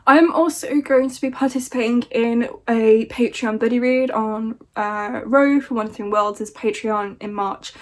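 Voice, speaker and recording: A woman's voice: fairly high pitch, measured pace, hardly any pauses. A young woman chatting casually as a book vlogger, swearing freely and joking with exasperated humor. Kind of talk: casual chat.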